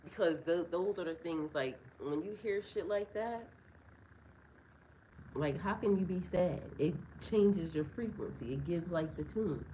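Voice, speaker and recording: A woman's voice: fairly low pitch, a little slow, mellow, highs cut off, a little hiss or hum. A woman giving a casual astrology reading outdoors in a yard, talking bluntly and with heavy profanity, often breaking into laughter. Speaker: spiritual reader and life coach. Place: outdoors in a yard with birds nearby.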